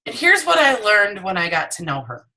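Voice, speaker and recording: Middle-aged woman team leader, bright voice, lively storytelling pep talk into her phone. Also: moderate pace, low-quality recording. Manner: animated, acts out dialogue with high excited voices. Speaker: direct sales team leader. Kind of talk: motivational training talk.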